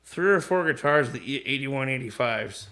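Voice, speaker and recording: A man's voice: medium pitch, animated, moderate pace, pushed and bright. A man casually rambling about his guitars and pickups on a live stream, with easygoing talk and the odd swear word.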